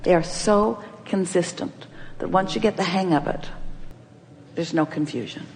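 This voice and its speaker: A woman's voice: lowish voice, a little slow, vocal fry, darkish tone, a little hiss or hum. A woman giving an inspirational seminar talk, emphatic and playful, repeating her questions to the audience. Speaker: inspirational speaker.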